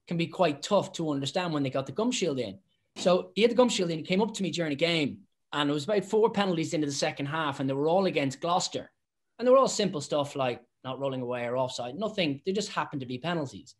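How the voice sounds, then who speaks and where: Chatty man telling stories, fairly high voice. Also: brisk. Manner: lively storyteller, frequent restarts and repeated words. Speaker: former professional referee, podcast guest. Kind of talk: casual podcast chat, anecdotes.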